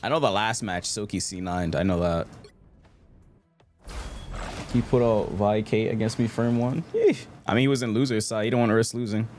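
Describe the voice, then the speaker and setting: A young male streamer ranting through a review of game matches, sarcastic and repetitive. His voice sits on the low side, with faint music playing softly behind him. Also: fairly even intonation, moderate pace, pauses often. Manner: ranting, sarcastic, repeats himself.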